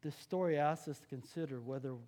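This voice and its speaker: Man, pastor's sermon, fairly high voice, talks with the congregation, quiets down for emphasis. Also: a little fast. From California. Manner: conversational, asks the audience questions, drops to a hush for key points.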